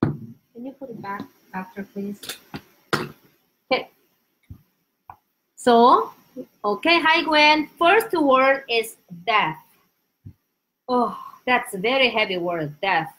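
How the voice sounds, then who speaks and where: A young woman with a Korean accent leads a casual live-streamed Korean lesson in a high voice. She is animated and drills each word over and over for pronunciation. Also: slow, pauses often, a little hiss or hum. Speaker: Korean language teacher.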